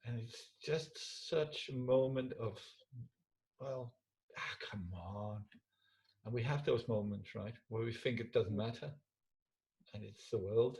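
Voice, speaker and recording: A married man speaking reflectively in a casual chat, halting and restarting often, with emotion in his voice. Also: medium pitch, a little mellow, rough recording. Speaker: storyteller.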